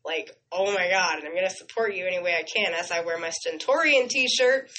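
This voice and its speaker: A woman's voice: lowish voice, a little fast, bright, forceful tone, low-quality recording. A woman co-hosting a radio show, telling stories in a chatty, gushing way. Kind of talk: casual on-air chat.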